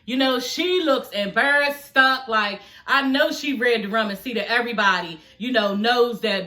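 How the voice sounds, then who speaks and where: A woman's voice: fairly high pitch, animated, moderate pace, hardly any pauses, bright, forceful tone. A woman giving a casual TV show review on her vlog, blunt and profane, chatting straight to her viewers as y'all.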